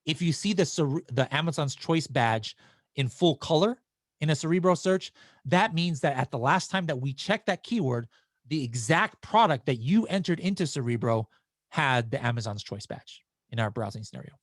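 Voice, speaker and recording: A man's voice: fairly high pitch, lively intonation, moderate pace, no room sound, clean studio sound. A man hosting a live webinar, answering viewer questions in a casual, chatty way. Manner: casual and chatty, with frequent restarts and fillers.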